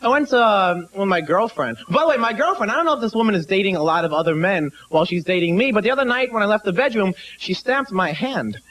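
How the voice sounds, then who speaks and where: A man's voice: sits high, animated, fast talker, hardly any pauses, fairly bright tone, slight background noise. A man from Brooklyn doing stand-up comedy, rambling and breaking off into asides. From Brooklyn, New York. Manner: rambling, self-interrupting asides. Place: comedy club stage.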